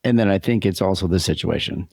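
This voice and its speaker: A man co-hosting a podcast with his wife, agreeable and a bit halting, with lots of yeahs and restarts. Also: deep voice, creaky, a little mellow, no echo, studio quality. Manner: agreeable, halting, backchannels a lot. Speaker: podcast co-host. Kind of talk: conversational podcast chat.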